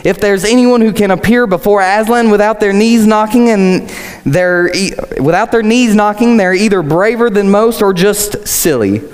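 A man reading aloud the lines of a motherly female beaver from a storybook, raising his pitch with emphasis. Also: normal speed, in a large hall, natural voice. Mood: teasing.

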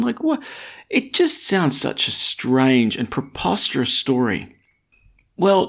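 A man preaching a sermon in a conversational, storytelling way, asking rhetorical questions and reading scripture in a slower, lower voice.

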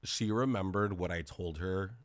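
A man's voice: deep voice, normal speed, dry recording. A man in his thirties from California, a podcast guest telling a personal story in a casual, chatty way, leaning on "like" and "you know", close to tears at times. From California, Bay Area. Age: 30s.

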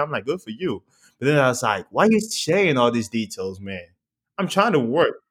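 A young man in casual podcast chat, spinning a crude story with lots of energy. He swears freely and laughs along as he talks, at a middle pitch. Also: sing-song, moderate pace, fairly bright tone, husky.

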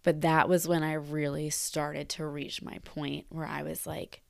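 A woman's voice: deep voice, level tone, measured pace, gravelly, no room sound, studio quality. A woman in her twenties, a teacher, talking candidly and reflectively about her job in a personal vlog, repeating words for emphasis. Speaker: teacher leaving the profession.

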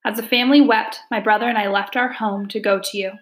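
A woman's voice: medium pitch, fairly even intonation, quick pace, echoey room, voice pushed up, close to an everyday voice. A woman voicing a frightened little girl who pleads before a tiger spirit in a storybook reading, her voice quivering. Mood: anxious.

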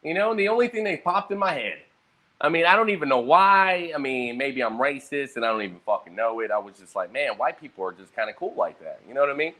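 A young man with a fairly high voice talks quickly and casually about his day, a little hungover. He swears freely and jumps from one story to the next, rambling with animated, profane energy.

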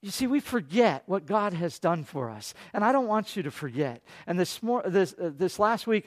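A male pastor preaching a sermon in a conversational storytelling way, asking the congregation rhetorical questions and swinging between loud excited preaching and soft, quiet asides. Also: on the high side.

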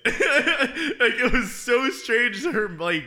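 Male podcast co-host, animated and bright, sarcastic teasing in casual chat. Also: very high-pitched, slow pace. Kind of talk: casual comedy banter.

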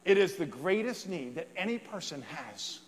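Pastor preaching in a reverberant hall. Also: male voice, high voice, big pitch swings, normal speed, slight background noise. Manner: conversational, with fillers and laughs. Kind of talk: sermon.

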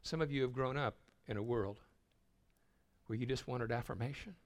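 An older man preaches at a retreat in a voice of ordinary pitch. He tells stories in a sermon style, repeating words as he gets going. He drops to a soft hush in tender moments. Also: normal speed. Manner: storytelling, dropping to a hushed voice for tender moments; repeats words when starting a thought. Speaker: retreat speaker.

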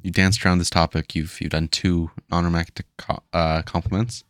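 A man's voice: low-pitched, level tone, fairly bright tone, no room sound, studio quality. A young man co-hosting a podcast in casual chat, teasing his partner and cutting in with jokes. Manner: teasing, interjecting, quick to laugh. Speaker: podcast co-host.

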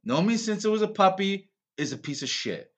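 A man's voice: high voice, very animated, fairly quick. A man, a podcast co-host, telling crude stories in casual, mock-defensive chat.

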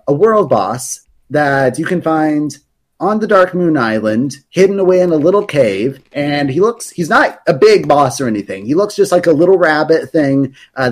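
A man in casual podcast chat, explaining game lore at length with many fillers and restarts. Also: fairly high pitch.

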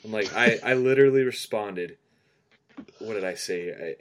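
A man co-hosting a laid-back sports podcast tells stories with plenty of energy, acting out what people said. His voice is lowish, his speed normal, and there's a slight hiss or hum in the audio.

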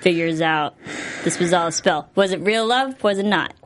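A young woman co-hosting a TV after-show in casual chat, upbeat and agreeable and quick to chime in. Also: fairly low pitch, a little hiss or hum.

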